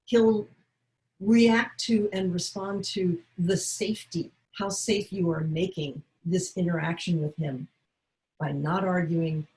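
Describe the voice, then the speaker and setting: A woman's voice: mid-range voice, poor audio. A woman teaching caregivers, coaching them and acting out short dialogue examples. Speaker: caregiving educator. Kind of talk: instructional talk.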